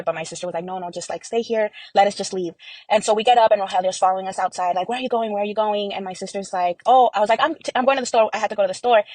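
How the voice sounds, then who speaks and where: A woman's voice: mid-range voice, dry recording, low-quality recording. A young adult woman giving an earnest personal account in an interview, full of fillers and quoted dialogue. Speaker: interview guest.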